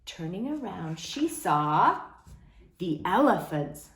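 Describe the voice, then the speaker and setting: A woman reads a picture book aloud in a lively, sing-song voice. Her pitch is fairly high, and it swoops up and down. She reads slowly, and the room carries a noticeable echo. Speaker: storyteller. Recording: roomy echo.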